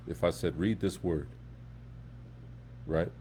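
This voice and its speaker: A man teaching an Arabic class in a relaxed, conversational way, often checking in with his students. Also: deep voice, takes it slowly, slight background noise. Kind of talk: live classroom lesson.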